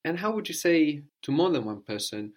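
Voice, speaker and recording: A man teaching a language lesson, patiently prompting and repeating answers slowly. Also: on the high side, very animated.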